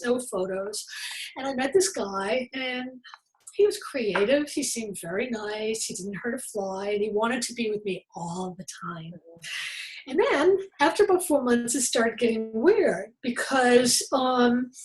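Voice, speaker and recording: Higher-voiced woman recounting a hard past. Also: low-quality recording. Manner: earnest, open, expressive. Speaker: author being interviewed. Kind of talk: candid personal storytelling.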